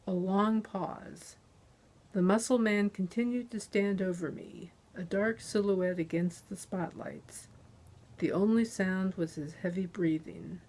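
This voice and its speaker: A woman author reads her own first-person crime novel at an unhurried pace. Her narration is measured and deliberate, and her voice sits in a middle register. She is close on a dynamic microphone. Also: medium pitch, a little mellow. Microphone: close handheld dynamic USB mic.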